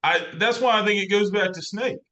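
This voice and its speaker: A man's voice: high-pitched, brisk, dull audio, a crowd in the background. A man co-hosting a podcast, bantering with cocky jokes in casual chat. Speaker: podcast co-host.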